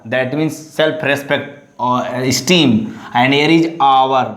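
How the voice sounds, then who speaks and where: A man teaching a lesson, halting and full of fillers and restarts. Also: medium pitch, fairly bright tone. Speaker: English teacher. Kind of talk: classroom-style lesson. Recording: echoey room.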